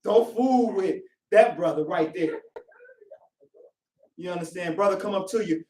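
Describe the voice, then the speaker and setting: A man delivers a lively sermon in a worship hall, slipping into the voices of the people he describes and sometimes raising his voice to a shout. His voice rings through an echoing room and is heard from some way off the mic. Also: sits high, unhurried, pauses often. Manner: animated, acts out congregants in quoted voices, shouting at times. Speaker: preacher. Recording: echoey room, voice from a distance.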